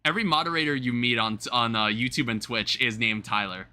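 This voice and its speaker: Chatting casually with viewers from home on a live stream, a young man rambles and swears offhandedly. His medium-pitched voice is bright and forceful, and he talks briskly.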